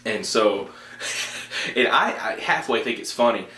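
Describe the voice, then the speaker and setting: A young man hosting a podcast, telling a story in a casual, animated way with frequent fillers and laughter. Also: lowish voice, measured pace, reverberant. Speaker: podcast host.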